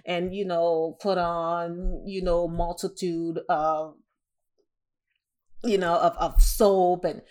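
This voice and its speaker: A woman vlogging casually, telling an exasperated story with lots of fillers and big jumps in pitch. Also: slow, smooth. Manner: animated, exasperated, lots of "you know" fillers.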